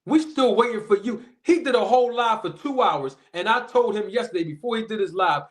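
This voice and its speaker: A man's voice: high voice, brisk, a little hiss or hum. A man hosting a boxing live stream, calling out viewers in the chat and arguing in disbelief. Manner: animated, incredulous, shouting out chat members. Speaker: boxing commentary channel host. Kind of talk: casual live-stream commentary.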